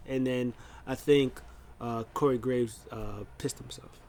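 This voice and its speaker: A man talking through a wrestling recap in a loose, unscripted way, his voice at an ordinary middle pitch. He rambles, leans on fillers and slips into quick acted-out quotes as he goes. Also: fairly even intonation, mellow, a little hiss or hum. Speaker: wrestling show reviewer. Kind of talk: casual recap.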